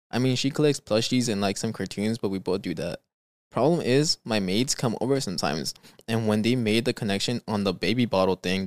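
A man hosting a podcast, chatting casually and reading stories aloud in a slangy, animated way. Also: medium pitch, no echo. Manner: animated, slangy, says "bro" and "dude" often. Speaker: podcast host.

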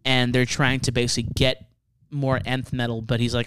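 A man in casual conversation, recapping a comic story in a relaxed, halting way with lots of filler words. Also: mid-range voice, clean tone. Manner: easygoing, hesitant recaps with many ums and likes. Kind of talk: casual comic-book discussion.

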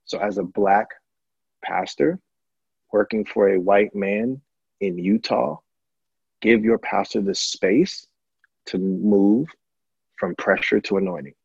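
A husky-voiced man, a pastor, speaks candidly in conversation, getting louder and higher when he presses a point. The recording is dry and a little dull. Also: dry recording. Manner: impassioned, rising loud and high when stirred.

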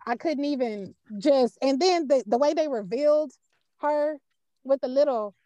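A woman co-hosting a podcast, chatting casually in a blunt, profane, animated way and acting out her own reactions. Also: high-pitched, unhurried, no room sound, muffled recording. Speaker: podcast co-host.

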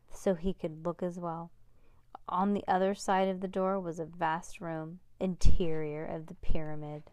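A woman reading a children's book aloud to a child, relaxed, with small asides and restarts. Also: fairly low pitch, clean tone, dry recording.

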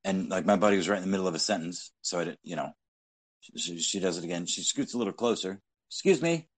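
A man's voice: deep voice, fast talker, breathy edge. A man co-hosting a podcast, telling casual anecdotes in a blunt, profanity-heavy way. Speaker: podcast co-host. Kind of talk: casual storytelling chat.

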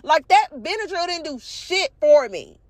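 Profane woman with a high voice. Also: unhurried, no echo. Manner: profane, animated, addresses viewers as y'all. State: congested from allergies. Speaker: vlog host. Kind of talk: casual storytelling rant.

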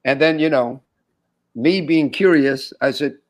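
This is an interview with a man in his sixties, formerly a college basketball player, whose voice sits on the high side and moves at an unhurried pace. Animated and quick to laugh, he acts out the conversations in his stories.

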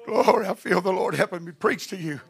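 A middle-aged man preaching a sermon with fervor, building to shouted passages. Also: high-pitched, brisk, vocal fry, breathy edge, soft background music.

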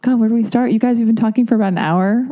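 A woman's voice: on the high side, very fast, muffled recording. A woman hosting a podcast, interviewing a guest in a chatty, exclamatory way. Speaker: podcast host. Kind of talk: casual interview chat.

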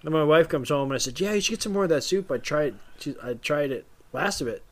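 A man's voice: a little high, lively intonation, fast talker. A man in casual podcast chat, telling a story with swearing and frequent laughter. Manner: storytelling, profane, laughs often. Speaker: podcast co-host.

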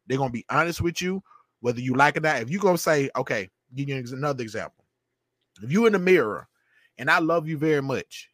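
A man appears as a podcast guest, giving opinionated casual talk in an emphatic, preachy manner and repeating himself often. His voice is a little high and fairly bright, with no echo.

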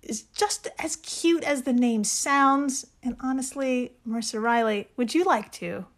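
A woman's voice: high voice, unhurried. A woman hosting a podcast in casual chat, enthusiastic, swearing freely and laughing often. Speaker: podcast host.

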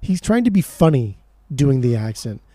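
A man co-hosting a podcast in casual chat, excitable and swearing often as he talks about music. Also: medium pitch, moderate pace, no room sound. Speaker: podcast co-host.

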